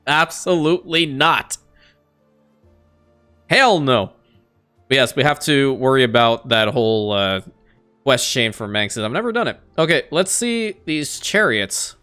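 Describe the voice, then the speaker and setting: Excitable man narrating his gameplay. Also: medium pitch, normal speed, clean tone, faint music behind. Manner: excitable, talks to game characters, laughs often. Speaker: gaming YouTuber. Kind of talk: casual let's-play commentary.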